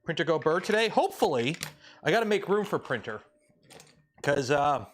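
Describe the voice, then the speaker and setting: A man's voice: a little high, very animated, moderate pace. A man from Canada hosting a casual livestream, rambling and joking with lots of fillers while he builds. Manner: rambling and jokey, with many fillers and restarts. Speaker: livestream host.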